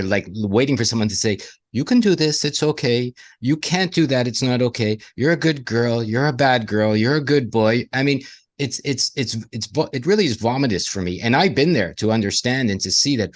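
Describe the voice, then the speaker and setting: A man co-hosting a podcast, talking casually in an emphatic, repetitive way with blunt, casual swearing. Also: medium pitch. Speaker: podcast co-host. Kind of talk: casual conversational talk.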